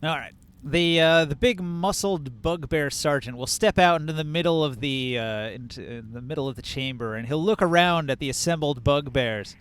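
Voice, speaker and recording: A man's voice: fairly high pitch, normal speed, hardly any pauses, fairly bright tone, smooth. A man running a tabletop game as game master, narrating scenes with frequent "uh"s. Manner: descriptive, filler-heavy narration.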